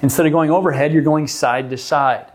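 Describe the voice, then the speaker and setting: A man calmly leading a stretching class, guiding the moves step by step and explaining why each one helps. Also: on the high side, fairly quick. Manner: calm, gently coaching, explains the reasons for each move. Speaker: movement class instructor. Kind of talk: guided exercise class instruction.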